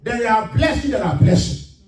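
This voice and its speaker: A man preaching a sermon in a high, lively voice that rises to emphatic shouts on the scripture. The sound is roomy and echoing, picked up from some distance in a church hall. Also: moderate pace. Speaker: pastor. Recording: echoey room, mic at a distance.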